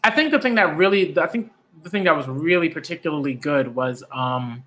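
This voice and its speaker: A man reviewing a manga chapter live, excitable and hyped, using casual slang and often repeating himself as he searches for words. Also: a little high, a little fast. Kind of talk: live manga reading and reaction.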